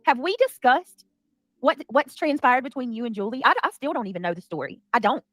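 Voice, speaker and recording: A woman's voice: on the high side, very animated, a little fast, fairly bright tone, no room sound. Woman, livestream host, indignant commentary, dry sound. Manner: indignant, defensive, emphatic.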